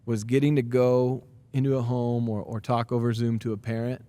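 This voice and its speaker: A man in his thirties, a high school basketball coach, talking in a podcast interview in an earnest, energetic way with many fillers and restarts. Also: normal speed, no room sound.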